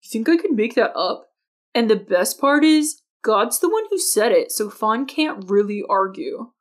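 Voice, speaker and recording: A woman voicing a cocky, sharp-tongued teenage boy. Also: fairly high pitch, a little slow. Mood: pleased, cocky. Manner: calm, cutting, self-assured. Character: bold, clever teenage boy.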